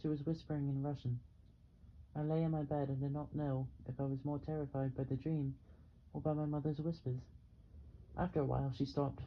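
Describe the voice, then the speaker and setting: A man narrating a novel in the first person, with a steady, measured delivery. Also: on the high side, highs cut off, a little hiss or hum. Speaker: audiobook reader.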